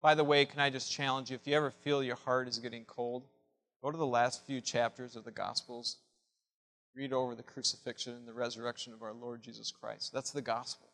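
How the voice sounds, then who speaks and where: A man preaching a sermon with passion, dropping to a hush and then rising to loud cries. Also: mid-range voice, level tone, brisk, big-room sound. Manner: impassioned preaching, swinging from hushed to loud. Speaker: pastor.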